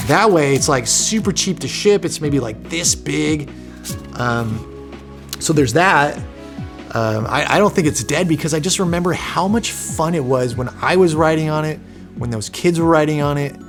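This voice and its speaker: A man's voice: medium pitch, lively intonation, moderate pace, over music. Earnest man telling a personal story. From Southern California. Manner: earnest and emotional, many fillers and restarts. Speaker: vlogger, inventor.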